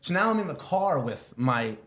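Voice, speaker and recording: A man telling a long personal story as a podcast guest, animated, swearing freely and acting out what people said. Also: a little high, moderate pace. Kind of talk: casual storytelling.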